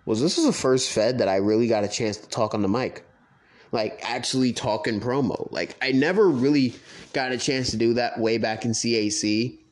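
A young man talks through his own history in a loose, unscripted monologue, swearing freely. His voice sits at an ordinary middle pitch, and he gets excitable when he recounts surprises. He talks in the plain, easy way of someone chatting with listeners. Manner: profane, excitable, quotes others in animated voices. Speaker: podcast host recounting his online wrestling league career. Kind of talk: casual storytelling monologue.

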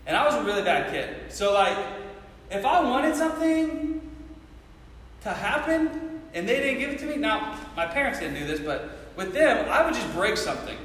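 High-voiced man talking in an echoey hall. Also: sing-song, normal speed, fairly bright tone. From Ohio, near Cincinnati. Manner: casual, chatty, keeps asking the audience "you know what I mean?". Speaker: speaker addressing an audience. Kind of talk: storytelling talk to a live audience. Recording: echoey hall with faint noise.

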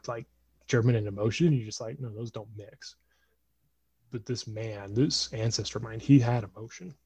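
A man in his twenties telling a family story casually on a podcast, animated and acting out voices. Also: medium pitch, a little fast, breathy edge, dry recording. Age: 20s.

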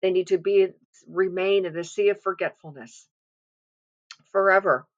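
A woman's voice: mid-range voice, fairly even intonation, normal speed, highs cut off. A woman giving an earnest, confiding devotional sermon, reading scripture and speaking from personal experience with frequent restarts.

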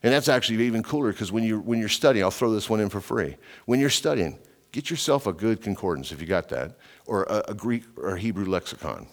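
This middle-aged man, a preacher and radio Bible teacher, gives a casual verse-by-verse sermon that's emphatic, conversational, and full of digressions away from his notes and frequent "you know"s. His voice is on the low side, expressive, and fairly quick.

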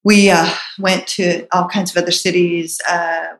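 A woman's voice: fairly low pitch, little pitch movement, measured pace, echoey room, rough recording. A middle-aged woman telling a personal story in a reflective, earnest way, with hesitant restarts.

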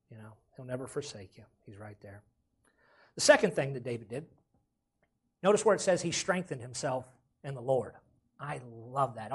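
A male pastor delivers his sermon in a husky, slightly raised voice. He talks in a folksy, plainspoken way and keeps checking in with the congregation with "amen?". His emphasis swells and drops as he preaches. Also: on the high side. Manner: preaching with rising emphasis and frequent "amen?" calls.

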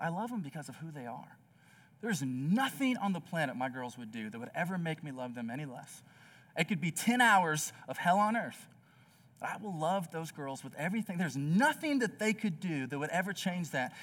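Young male pastor, earnest sermon, chatty fillers, slightly raised pitch, distant mic. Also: fairly bright tone. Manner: earnest storytelling with many "like" fillers. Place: church.

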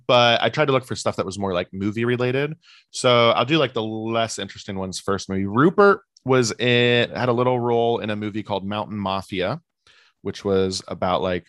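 Low-voiced man chatting casually. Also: dry recording, clean studio sound. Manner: relaxed, rambling, lots of fillers. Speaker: podcast co-host. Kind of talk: casual chat recapping a reality show.

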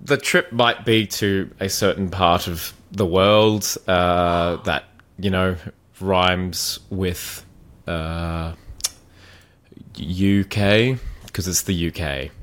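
A man's voice: low voice, fairly even intonation, very slow, a bit bright. An Australian man co-hosting a podcast in casual chat, laid-back and trailing off with fillers and repeated words. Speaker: podcast co-host.

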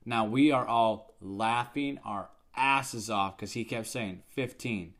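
A man's voice: fairly low pitch, slow pace, fairly bright tone. Blunt, profane man chiming in. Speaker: podcast co-host. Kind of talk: casual chat.

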